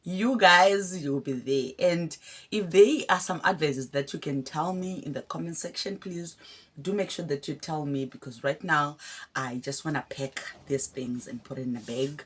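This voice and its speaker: A young woman from Zimbabwe speaks with a Zimbabwean accent, her voice low and a little husky. She talks to her viewers in a heartfelt, personal way. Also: a little slow. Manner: heartfelt, addresses viewers as guys. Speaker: vlogger. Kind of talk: casual emotional talk to camera.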